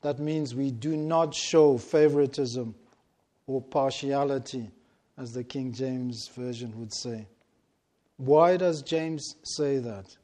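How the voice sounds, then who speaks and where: Slow, deliberate male preacher. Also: mid-range voice, mellow. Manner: slow, deliberate and emphatic, stressing key words with long pauses. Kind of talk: sermon.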